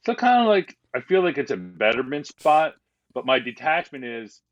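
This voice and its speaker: A man of middle pitch talks openly and loosely as a podcast guest, circling back with fillers and restarts. His voice comes through slightly dull and lo-fi. He sounds unscripted and conversational. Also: big pitch swings, normal speed. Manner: candid, rambling, with many restarts and fillers. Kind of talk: casual conversation.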